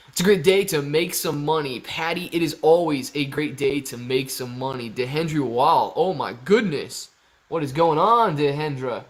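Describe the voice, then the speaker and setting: A man's voice: a little high, moderate pace. Upbeat man hosting a live stream. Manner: upbeat, greets chat viewers by name. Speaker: livestream host. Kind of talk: casual live stream chat, reading viewer comments.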